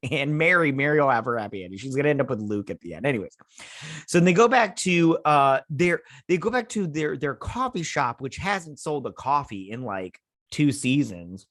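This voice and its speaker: A man's voice: mid-range voice, lively intonation, normal speed, a bit bright, no echo, clean studio sound. A man hosting a casual episode review, talking in a sarcastic, mocking way and acting out the characters' lines in silly voices. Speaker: show host reviewing a TV episode.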